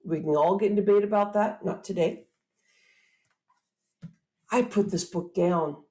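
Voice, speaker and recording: A woman hosting a motivational talk, speaking straight to her audience in an animated, upbeat way. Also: medium pitch, a little slow. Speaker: host.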